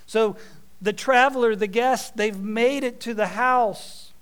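A man preaching a sermon, telling a parable with folksy, animated asides. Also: very high-pitched, unhurried, smooth.

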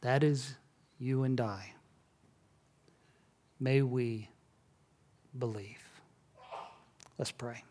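A male pastor giving a sermon in an earnest, measured way, dropping to a hush at solemn moments. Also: medium pitch, steady tone.

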